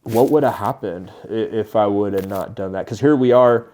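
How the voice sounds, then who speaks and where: Animated man in his thirties telling stories. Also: on the low side, normal speed. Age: 30s. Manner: animated, laughs often while telling stories. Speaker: podcast guest. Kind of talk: casual storytelling.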